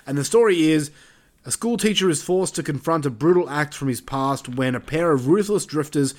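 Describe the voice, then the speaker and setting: A man's voice: a little high, normal speed. A man chatting casually as a podcast co-host reviewing films, loose and sweary, laughing often. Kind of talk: casual chat.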